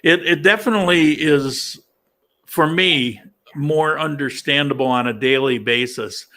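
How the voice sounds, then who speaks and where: Man, livestream host, casual chat, halting, lots of restarts, bright, fairly high voice. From upstate New York. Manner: halting, many restarts and fillers.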